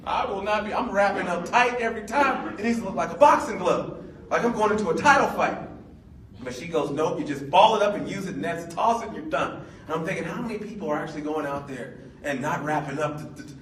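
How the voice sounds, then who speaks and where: High-voiced pastor, playful and laughing. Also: male voice, fairly bright tone. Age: 40s. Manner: storytelling, playful, laughing often. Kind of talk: sermon. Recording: echoey room, mic at a distance.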